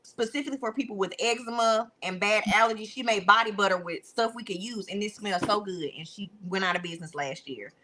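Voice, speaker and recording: A woman's voice: mid-range voice, fast, few pauses, bright, forceful tone, slight background noise. A woman guest in casual chat, telling a story earnestly.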